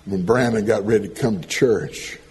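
A man preaching a sermon, folksy and animated, swinging from loud calls to soft asides. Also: on the low side, normal speed, slight background noise.

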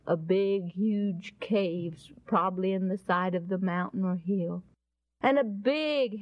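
A woman narrating a Bible story in a folksy, expressive way and appealing to the listener. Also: medium pitch, no room sound. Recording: dull lo-fi recording.

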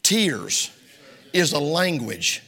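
A man's voice: fairly high pitch, very animated, drawn-out words, pushed and bright, husky. A middle-aged man preaching a sermon to his congregation in a church, impassioned and full of rhetorical questions. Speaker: pastor. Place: church sanctuary. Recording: long reverb of a church hall.

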